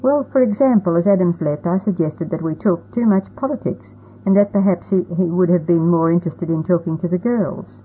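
A woman reading the part of a stern, proud old colonial grandfather, in a husky voice with a commanding, firm manner. The sound is tinny and phone-like. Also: fairly low pitch, brisk. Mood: explaining.

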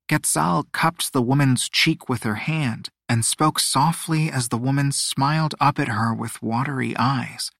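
Male narrator for a fantasy audiobook; even, descriptive, mid voice, dry booth sound. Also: medium pitch, no echo. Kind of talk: scripted narration.

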